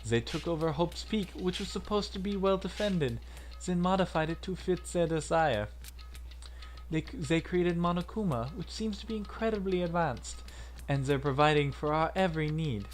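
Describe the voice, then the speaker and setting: A man voicing a cool-headed teenage girl who reasons calmly and soberly. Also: fairly high pitch, soft background music, pitched above the performer's own voice, lightly acted. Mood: grave. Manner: calm, measured, analytical.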